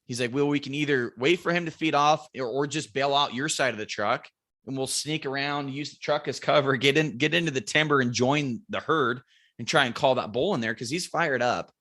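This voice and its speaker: A man, a podcast guest, telling a lively hunting story and acting out what everyone said, swearing freely. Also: medium pitch, brisk.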